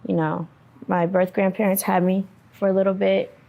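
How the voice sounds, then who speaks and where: A woman giving a halting, subdued personal testimony to an interviewer, with many pauses and fillers. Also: medium pitch, level tone, vocal fry, warm tone.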